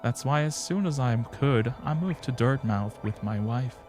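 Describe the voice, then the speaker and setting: A man's voice: mid-range voice, expressive, moderate pace, a little mellow, natural voice. A man voicing a cheerful male bug mapmaker, reading his lines in a friendly, rambling way over faint game music. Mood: chatty.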